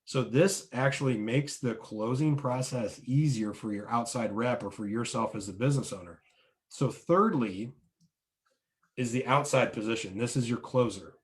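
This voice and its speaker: A man in the middle of a sales coaching talk, his voice at an ordinary pitch for a man. He lays out points one by one and keeps checking in with his listeners. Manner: coaching, often ends points with "right?"; explains with numbered steps and analogies. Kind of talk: instructional talk to business owners.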